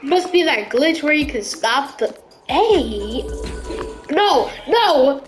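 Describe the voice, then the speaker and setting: A woman giving live gameplay commentary, excitable and slangy, often yelling reactions. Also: high voice, takes it slowly, soft background music, low-quality recording. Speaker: gaming video creator.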